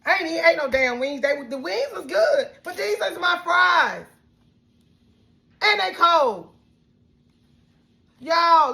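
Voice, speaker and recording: A vlogger from Alabama with a Southern accent vents to the camera in an emotional, outspoken, heated rant, cursing a lot. Her high, bright, creaky voice swings between shouting and near tears.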